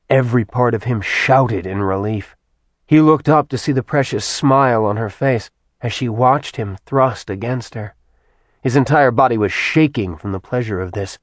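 A man narrating an audiobook in a soft, even storytelling manner. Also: fairly low pitch, dry recording. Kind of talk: scripted narration.

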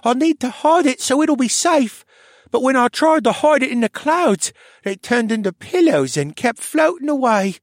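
A man voicing a sleepwalking boy who speaks in a dreamy, murmuring monotone. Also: extremely high pitch, normal speed, dry recording, clean studio sound, pitched above the performer's own voice.

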